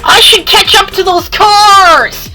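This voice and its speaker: A woman voicing a friendly male train engine who is anxious and a bit sick, in a high, fretful voice. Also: slow pace, pushed and bright, soft background music, heavily acted.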